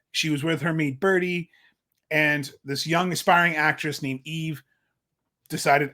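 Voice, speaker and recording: A young adult man co-hosting a podcast in casual chat, animated and acting out quotes in put-on voices. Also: fairly high pitch, a little slow, pauses often. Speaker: podcast co-host.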